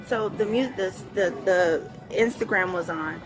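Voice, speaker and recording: A woman passenger recounting an incident to a police officer in an animated way, often quoting others, recorded on a body camera at an airport gate. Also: mid-range voice, unhurried, music in the background, poor audio. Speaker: airline passenger. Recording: bodycam audio with busy crowd.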